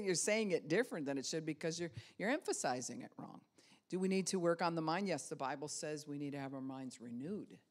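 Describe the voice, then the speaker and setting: A woman pastor giving a casual spiritual teaching talk, conversational, with many rhetorical questions and light laughs. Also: sits low.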